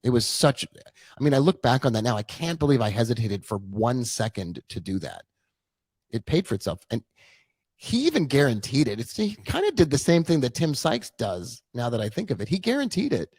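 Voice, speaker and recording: A man's voice: mid-range voice, huge pitch swings, a little fast, darkish tone, slightly rough, dry recording. A man in his forties, a trading coach, telling his own story in a casual, chatty live-stream talk full of asides.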